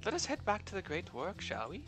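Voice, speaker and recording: A man voicing a gentle scholarly character with a put-on Indian accent, pitched well above his own voice. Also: huge pitch swings, fairly quick, music in the background, heavily acted. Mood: polite. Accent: Indian, imitated.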